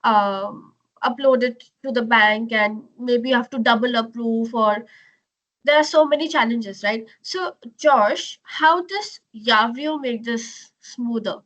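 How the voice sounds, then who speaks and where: A woman's voice: on the high side, takes it slowly, a bit bright. A woman moderating a webinar over a video call, asking questions with many fillers. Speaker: webinar host.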